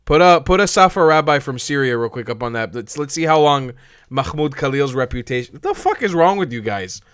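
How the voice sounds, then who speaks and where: A man's voice: mid-range voice, expressive, brisk, a bit bright, clean tone, no echo, clean studio sound. Fuming, cursing man reacting. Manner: swearing, angry, repeats himself. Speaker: reaction video host. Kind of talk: heated reaction commentary.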